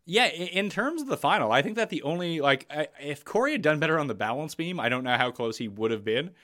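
A man's voice: a little high, lively intonation, quick pace, sharp tone. A man hosting a podcast, chatting casually and bluntly about a reality show. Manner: blunt, opinionated. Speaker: podcast host.

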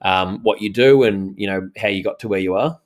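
A man's voice: fairly low pitch, fairly quick. A man hosting an interview show, agreeable and a bit hesitant, with many fillers. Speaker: podcast host. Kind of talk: casual conversational interview.

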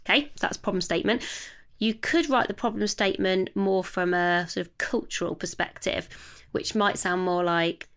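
A woman in her thirties co-hosts a casual book chat on a podcast, speaking in a medium-pitched, slightly bright voice at a moderate pace. She thinks aloud and keeps restarting her sentences.

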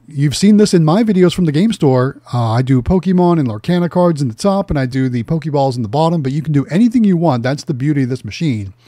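A man co-hosting a livestream who talks up a giveaway in a fairly high, mellow voice. His voice is a little rough tonight, and he clears his throat and says "um" between points. The sound is dry and close. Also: dry recording. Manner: upbeat promotional, with throat-clearing and fillers. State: voice problems. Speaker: co-host.

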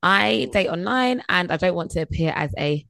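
A woman in her late twenties chats and giggles as a podcast co-host, her voice sitting a touch low with a gravelly, creaky edge. She sounds close and dry, with no room around her. The call sounds remote. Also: lively intonation, moderate pace, fairly bright tone, dry recording. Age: late 20s. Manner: giggly, reads listener messages aloud. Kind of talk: casual chat.

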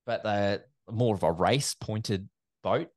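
A man's voice: lowish voice, slow, no echo, clean studio sound. A man, an event MC telling stories in a casual interview and acting out quoted exchanges. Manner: chatty and animated, acts out quoted exchanges. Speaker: event MC and commentator.

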